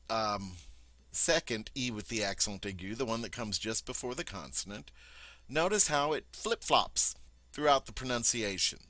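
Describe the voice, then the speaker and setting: A male teacher with a mid-range, sharp-toned voice patiently walks through a French grammar point in a methodical classroom style. He uses plenty of ums and rhetorical checks, and the recording has no room sound.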